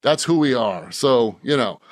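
A man's voice: medium pitch, lively intonation, unhurried, dry recording, studio quality. A man, an author from Boston, talking in a casual podcast interview, rambling with many restarts and frequent laughs. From Boston, Massachusetts. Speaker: author guest.

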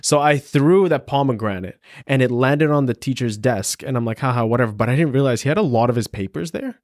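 A man's voice: mid-range voice, a little fast, dry recording, clean studio sound. A man in his twenties co-hosting a podcast, swearing freely and acting out the people in his stories. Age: 20s. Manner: crude, animated storyteller with mimicked voices. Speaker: podcast co-host. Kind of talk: casual chat.

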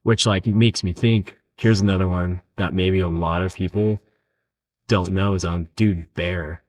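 A man's voice: deep voice, fairly even intonation, unhurried. A young man hosting a podcast, telling laid-back stories with a friend and saying "dude" a lot. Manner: laid-back storytelling, says "dude" often. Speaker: podcast host. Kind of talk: casual chat.

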